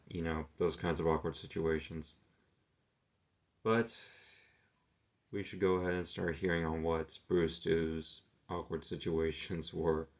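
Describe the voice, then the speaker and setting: A man hosting a reaction video, talking in a casual, easygoing way. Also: extremely low pitch.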